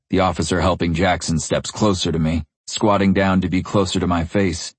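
Young man, audiobook narration, first-person, gritty, very deep, husky, dry close mic. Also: fairly even intonation, moderate pace, few pauses, dry recording.

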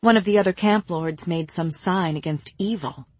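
A woman reading a novel aloud in first person, with measured, even storytelling. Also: lowish voice, breathy edge, dry recording. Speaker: audiobook narrator. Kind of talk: scripted first-person narration.

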